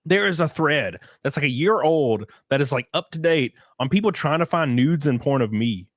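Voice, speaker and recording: A young man hosts a casual podcast, excitable and crude, cursing as he talks. His pitch swings widely, and the sound is dry and close. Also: normal speed, no room sound. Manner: crude, excitable, swears a lot. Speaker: podcast host. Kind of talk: casual chat.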